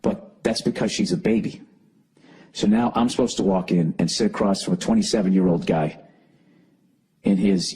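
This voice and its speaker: A man's voice: sits low, moderate pace, long pauses, dark tone, husky. A man hosting a solo comedy podcast, ranting in an exasperated, profane way. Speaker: podcast host.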